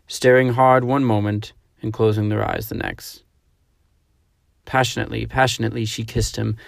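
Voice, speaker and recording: Male narrator for a dramatic story reading, heavy vocal fry, dry close sound, measured and hushed. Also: fairly low pitch, dry recording.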